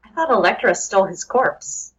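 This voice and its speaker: A woman's voice: medium pitch, expressive, moderate pace, a bit bright, slightly rough, highs cut off. A woman co-hosting a casual podcast chat, giving sarcastic, dry recaps. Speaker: podcast co-host.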